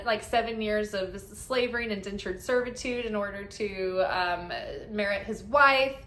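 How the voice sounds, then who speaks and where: Woman, chatty spiritual card reader, fairly high voice, roomy echo. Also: fairly bright tone. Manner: chatty, upbeat, peppered with "right?" and "like". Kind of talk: casual spiritual guidance talk.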